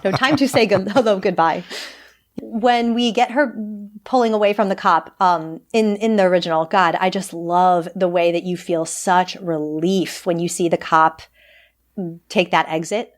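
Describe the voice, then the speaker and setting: Animated woman chatting on a podcast. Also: fairly low pitch, a little slow. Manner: animated, laughing, many restarts. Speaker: podcast co-host. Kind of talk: casual chat.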